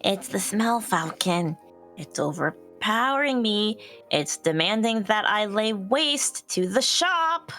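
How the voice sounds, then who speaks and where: A woman voicing an excitable male sparrow sidekick who sounds dramatic and overwhelmed. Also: mid-range voice, takes it slowly, soft background music, pitched above the performer's own voice. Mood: desperate.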